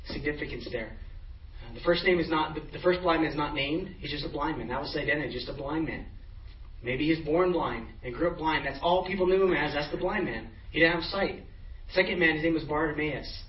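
A man's voice: on the high side, a little fast, a little hiss or hum. A man in middle age preaching a sermon as pastor, casual storytelling with frequent restarts. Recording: echoey, distant, dull room sound.

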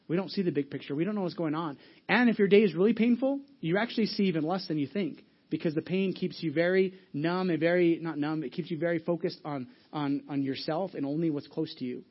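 A man's voice: sits high, dull audio. A man pastor giving a conversational sermon, often acting out Bible characters with humor.

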